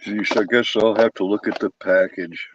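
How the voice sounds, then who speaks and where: A man's voice: fairly low pitch, little pitch movement, moderate pace, a little hiss or hum. A man calling in to a livestream, chatting in a laid-back, joking, swearing way. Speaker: guest caller on a stream. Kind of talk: casual chat. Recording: dull lo-fi call audio.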